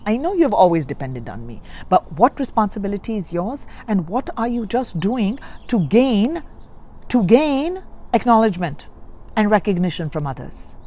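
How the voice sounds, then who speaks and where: A woman's voice: medium pitch, darkish tone. A woman giving a spiritual reading, coaching listeners earnestly and repeating key points. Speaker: spiritual reader. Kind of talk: guided self-help reading.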